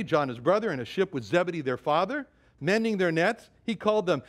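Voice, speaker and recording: Emphatic preacher man, fairly high voice. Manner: emphatic, repeats words, quotes scripture in older English. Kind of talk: sermon.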